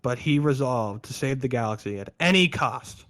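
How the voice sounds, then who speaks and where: A man in casual podcast chat, telling a story with lively, jokey quoted voices. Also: medium pitch, moderate pace. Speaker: podcast co-host explaining lore.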